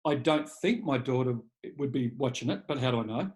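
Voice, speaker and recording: Speaking briskly in a mid-range voice, this man in his 40s is a leadership coach being interviewed. His candid personal anecdotes come out blunt and full of profanity, and he livens up when repeating his own words.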